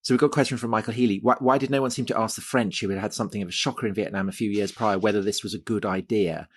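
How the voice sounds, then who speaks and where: Brisk, husky male co-host. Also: lowish voice, steady tone. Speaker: podcast co-host. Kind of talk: reading out listener questions in conversation.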